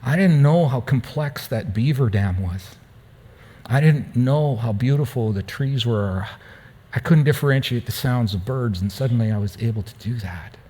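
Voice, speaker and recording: A pastor telling a personal story in a sermon, lively at times and turning quiet and hushed. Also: male voice, medium pitch. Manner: storytelling, animated, dropping to a hushed tone. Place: church.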